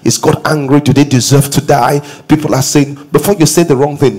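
A man's voice: mid-range voice, brisk, few pauses, mellow, husky, low-quality recording. A middle-aged man preaching a sermon in a church, repeating key lines and putting questions to the congregation. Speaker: pastor. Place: church auditorium.

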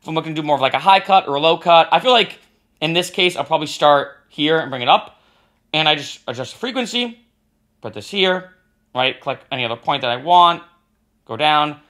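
A man giving a casual music production tutorial, talking as he clicks through software and often tagging lines with "right?". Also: on the high side, lively intonation, a little fast. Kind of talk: screen-recorded software tutorial.

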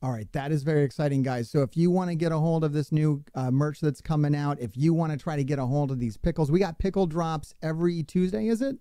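A man hosting a relaxed interview with a mellow, warm tone. He jokes around and laughs easily. The sound is dry and close. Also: on the high side, fast, few pauses, dry recording. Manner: jokey, laughs often. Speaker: host. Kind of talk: casual interview chat.

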